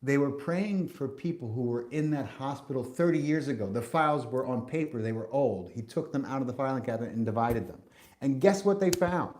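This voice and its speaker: A man's voice: mid-range voice, expressive, fairly quick, darkish tone. A man hosting a podcast, delivering a spiritual monologue in an emphatic, preachy way, cursing and restarting often. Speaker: podcast host.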